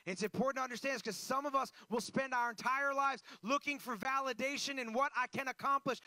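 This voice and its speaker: A male pastor delivers a sermon in a high, bright voice. He moves between loud, insistent emphasis and quiet, intense stretches. The sound is dry and close. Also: steady tone, brisk, hardly any pauses, no echo. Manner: preaching with swings from loud emphasis to hushed intensity.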